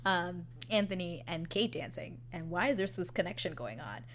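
Excitable woman gushing over a show. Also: on the low side, moderate pace. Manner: gushing, excitable, swears freely. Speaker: TV episode recap host. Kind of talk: casual scene-by-scene recap.

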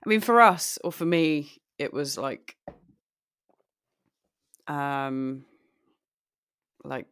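Very low-voiced young English woman, unhurried. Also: lively intonation, fairly bright tone, clean tone, dry recording, studio quality. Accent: southern English. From southeast England. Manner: laughing often, hesitant with fillers. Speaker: podcast co-host. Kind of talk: casual chat.

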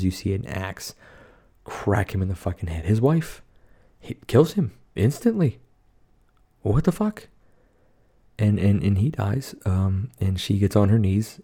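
A man's voice: low-pitched, warm tone. A man co-hosting a podcast, casually recapping a horror movie in a rambling, profane way with lots of fillers. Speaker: podcast co-host.

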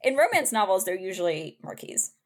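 Woman podcaster, easygoing talker, lively up-and-down voice. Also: mid-range voice, a little fast. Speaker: podcast co-host. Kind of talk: casual book discussion.

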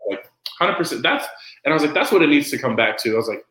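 A man's voice: a little high, fast talker, roomy sound, low-quality recording. A man as a podcast guest, chatting casually and acting out quoted lines as he tells stories. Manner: animated storyteller who acts out quotes. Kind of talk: casual conversation.

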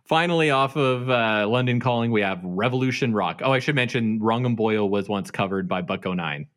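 A man's voice: fairly low pitch, brisk, fairly bright tone. A man co-hosting a podcast, chatty and laughing often as he shares music facts. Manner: chatty, laughs often, fun-fact explaining. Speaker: podcast co-host. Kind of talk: casual chat.

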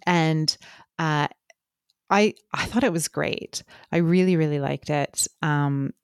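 A woman co-hosting a podcast, speaking thoughtfully and pausing often with fillers. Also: low-pitched, clear, resonant tone, no room sound, clean studio sound. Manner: thoughtful, hesitant with many fillers. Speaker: podcast co-host. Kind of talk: casual chat.

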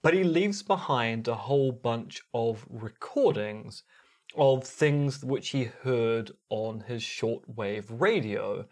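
A man's voice: mid-range voice, lively intonation, takes it slowly, darkish tone. A man with a New Zealand accent co-hosting a podcast, explaining a story in a casual storytelling way. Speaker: podcast co-host.

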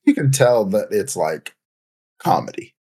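A man's voice: fairly low pitch, sing-song, a little slow, warm tone, slightly rough. A young man in casual podcast chat, hedging and saying "like" and "right?" often.

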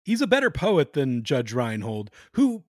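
A man co-hosting a podcast in casual chat, animated and joking, cursing freely. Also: mid-range voice, measured pace, no room sound, studio quality. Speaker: podcast co-host.

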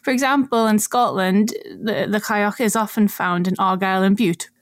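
A woman's voice: mid-range voice, steady tone, moderate pace, no room sound, studio quality. A woman co-hosting a podcast, explaining archaeology in casual chat and often laughing as she talks.

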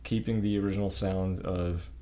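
Low-voiced man in relaxed chat. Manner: relaxed, halting, profane. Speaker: podcast co-host. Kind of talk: casual gaming chat.

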